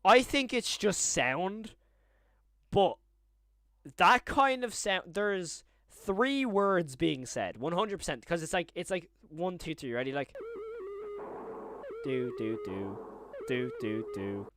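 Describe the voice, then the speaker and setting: A young man with a high voice chats and rambles his way through a live stream, getting excited quickly.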